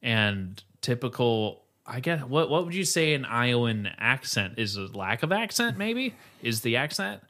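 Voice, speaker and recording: A man's voice: mid-range voice, very animated, a little slow, few pauses, fairly bright tone. A man chatting casually as a podcast co-host, laid-back, trailing off and chuckling. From Iowa. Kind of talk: casual chat.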